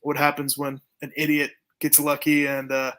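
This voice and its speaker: A man's voice: a little high, monotone, normal speed, bright, forceful tone. A young man from Canada talking casually in an interview, laid-back and blunt, swearing freely. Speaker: jiu-jitsu gym owner and event promoter.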